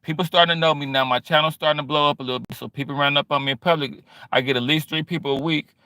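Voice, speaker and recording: A middle-aged man talks to his stream in a loose, slangy monologue and acts out bits of quoted back-and-forth. His voice sits a little high and comes across bright and forceful. The sound is dry and close. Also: racing, clean tone, dry recording. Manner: animated and slangy, acting out quoted exchanges. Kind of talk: casual monologue.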